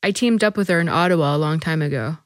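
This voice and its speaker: Woman voicing a calm male comedian, thirties, low deep voice, terse, dry close sound. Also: fast talker, dry recording, close to an everyday voice.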